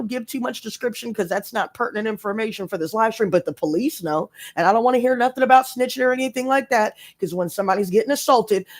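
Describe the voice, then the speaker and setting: A woman telling a story to her live-stream audience in casual chat, emphatic and profane as she rants. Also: medium pitch. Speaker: tarot reader live-streaming.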